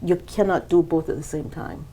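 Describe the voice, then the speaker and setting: At a moderate pace, a woman guest on a business podcast relates her story animatedly. Quoted dialogue gets acted out with sudden pitch jumps.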